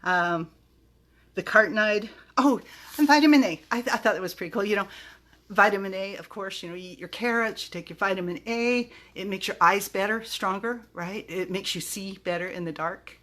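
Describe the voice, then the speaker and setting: A woman's voice: mid-range voice, fairly quick, a bit bright. A middle-aged woman from the United States, chatting casually to the camera about vitamins in a bubbly, giggly way, stumbling over words now and then. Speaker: vlogger reviewing vitamins.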